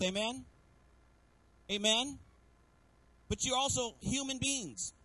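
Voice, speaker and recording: A man with a notably high voice preaches to his church congregation. He keeps calling out for an amen and slips into the voices of the people he quotes as he tells the story. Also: takes it slowly, pauses often, pushed and bright, no room sound, poor audio. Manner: preaching with call-and-response asks to the congregation; acts out quoted voices within the sermon. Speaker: pastor. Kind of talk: sermon. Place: church sanctuary.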